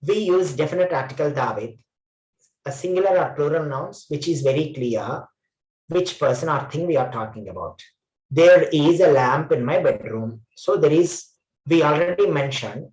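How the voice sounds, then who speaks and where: A man's voice: on the high side, lively intonation, moderate pace, darkish tone, dull audio. Male English trainer, echoey room. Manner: repeats phrases and corrects himself often. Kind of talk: online class lecture.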